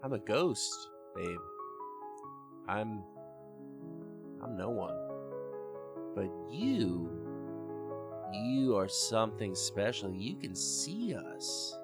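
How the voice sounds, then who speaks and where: A man's voice: lowish voice, big pitch swings, very slow, pauses often, over music, full character voice. A man voicing a predatory male ghost who speaks in a coaxing, sinister way. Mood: menacing.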